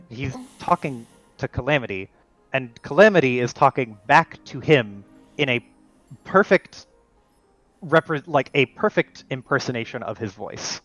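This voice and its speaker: A man's voice: medium pitch, expressive, a little slow, a bit bright, dry recording, faint music behind, rough recording. A man narrating as game master of a tabletop role-playing game, loose and full of fillers.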